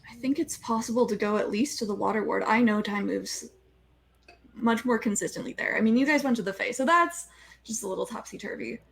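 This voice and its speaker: A woman's voice: fairly high pitch, brisk, vocal fry. A woman playing a tabletop role-playing game, talking in a meandering way that trails off mid-thought. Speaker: player. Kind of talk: tabletop role-play chat.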